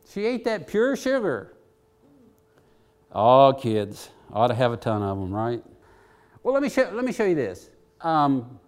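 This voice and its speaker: An older man, a preacher telling homespun stories in a chatty, self-deprecating way with lots of asides. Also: medium pitch. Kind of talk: folksy sermon storytelling.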